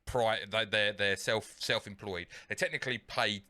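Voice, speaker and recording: A man's voice: on the low side, moderate pace, bright, forceful tone. A British man co-hosting a podcast in casual chat, swearing and acting out phone calls in a raised voice. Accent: British English. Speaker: podcast co-host.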